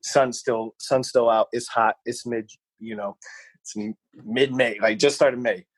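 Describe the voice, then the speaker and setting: Man, young, casual podcast storyteller, dry close sound, mid pitch. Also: a little slow, no echo, rough recording. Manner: rambling, animated anecdote with voiced quotes. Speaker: podcast co-host.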